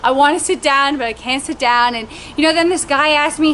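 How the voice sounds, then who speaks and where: A young woman casually recounting her first marathon, animated and acting out what people said. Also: a little fast, slight background noise. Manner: animated, acts out quotes in a higher voice. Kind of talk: casual storytelling.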